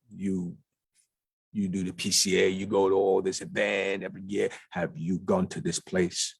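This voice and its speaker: Male guest speaker, low husky voice, emphatic and insistent, dry close sound. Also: flat delivery, normal speed, no room sound. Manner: emphatic, repeats words for stress. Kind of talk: conversational talk. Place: lounge.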